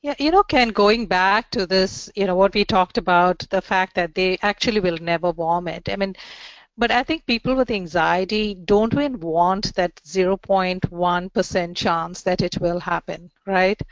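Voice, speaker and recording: A woman's voice: on the low side, moderate pace, dry recording. A female therapist co-presenting a webinar, talking conversationally and often checking in with "right?". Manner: chatty, often checks in with "right?" and "you know". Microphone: video call mic. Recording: dry, dull lo-fi call audio.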